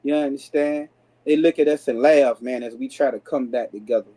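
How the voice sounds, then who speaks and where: A man teaching an informal scripture class in African American Vernacular English, his voice dark and mellow at a middle pitch. He talks casually, checking in with his listeners again and again. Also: steady tone, brisk, poor audio. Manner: casual street-style speech with many "you understand" fillers.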